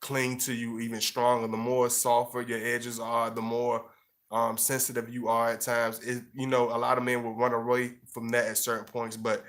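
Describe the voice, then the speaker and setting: A man's voice: medium pitch, monotone, moderate pace, a bit bright. A man giving casual relationship advice to camera, rambling with lots of fillers and repeats. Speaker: relationship and astrology advice vlogger.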